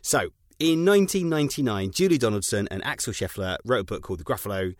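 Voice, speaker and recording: A man's voice: lowish voice, lively intonation, quick pace, dry recording, studio quality. A British man co-hosting a dads' podcast, explaining things in an enthusiastic, casual way. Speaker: podcast co-host. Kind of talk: casual chat.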